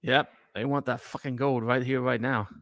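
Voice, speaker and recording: A laid-back man chatting through a movie watch-along. His voice sits at a middle pitch, and he is relaxed and conversational as he tells a story. The recording is dry and close. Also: normal speed, dry recording. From United Kingdom. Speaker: podcast co-host.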